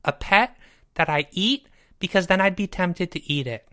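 A woman's voice: lowish voice, animated, normal speed, sharp tone. A woman voicing a goofy, boastful young male podcaster who rambles and stammers and insists he never cries. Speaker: podcast co-host. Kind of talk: comedic podcast banter.

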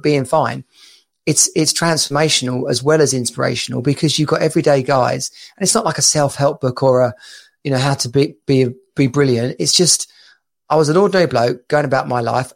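A man, co-host of a chat show, telling stories in a relaxed, chatty way with frequent restarts and laughs. His voice sits at a middle pitch with a gravelly, fry-laced edge. He is heard through a video call. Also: fairly quick. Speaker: podcast co-host and dad coach. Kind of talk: casual chat.

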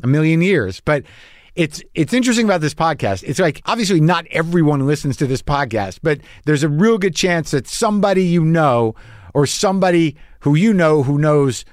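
A middle-aged man talks into a close microphone, and his voice sounds dry with no room around it. He hosts a podcast and tells his stories as a rambling comic monologue. His pitch sits a little high and jumps all over, because he mocks himself and acts out the people he quotes. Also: moderate pace, dry recording. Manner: animated, self-mocking, acts out quoted voices. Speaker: podcast host.

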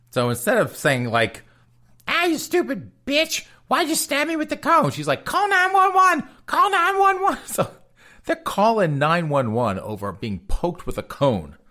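A man's voice: lowish voice, fairly bright tone. Sarcastic man riffing on crime news. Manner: sarcastic, folksy, laughs often. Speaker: podcast host. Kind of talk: comedic news commentary.

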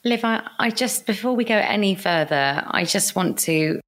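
A woman hosting a podcast, interviewing with a gentle, affirming, soothing manner. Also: mid-range voice, expressive, moderate pace. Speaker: podcast host.

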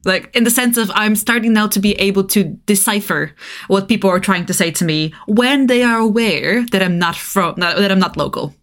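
A woman's voice: mid-range voice, normal speed, fairly bright tone. A woman co-hosting a podcast in casual chat, a non-native English speaker who laughs often and restarts her sentences. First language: not English. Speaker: podcast co-host. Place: northeast England.

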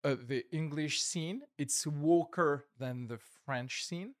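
Relaxed man musing on stand-up. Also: fairly high pitch, slow pace, no room sound, studio quality. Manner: relaxed, hesitant, filler-heavy. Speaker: comedian. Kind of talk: casual chat.

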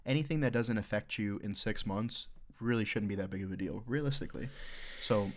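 A man's voice: on the low side, fairly quick. A Marine veteran chatting on a podcast, blunt and profane as he tells stories about leading troops. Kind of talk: casual podcast chat.

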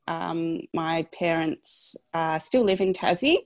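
An Australian woman in her thirties talks reflectively as a podcast guest, her voice sitting a bit low. The sound is dry and close, recorded remotely online. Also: slow, a little mellow, no echo. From Tasmania, Australia. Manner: reflective, thoughtful storytelling. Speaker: guest, lawyer. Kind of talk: casual podcast interview.

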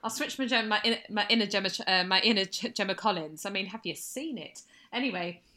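A bright, clear-toned woman in her thirties chatting casually as a co-host. She talks in a wry, self-deprecating way, full of quick asides. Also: mid-range voice. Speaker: podcast co-host. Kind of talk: casual chat.

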